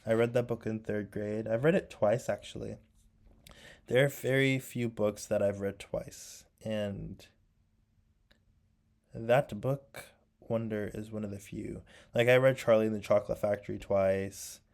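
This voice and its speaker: A young man with a low, gravelly voice talks casually while painting. He rambles and reminisces, scattering fillers. His throat is sore. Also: fairly even intonation, a little slow, darkish tone. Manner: rambling and nostalgic, full of "like" and "um". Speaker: vlogger.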